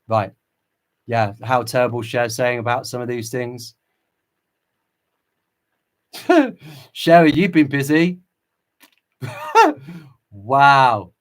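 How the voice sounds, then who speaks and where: A man hosting a livestream, reading viewer chat and preaching with impassioned fervor. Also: medium pitch. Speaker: channel host.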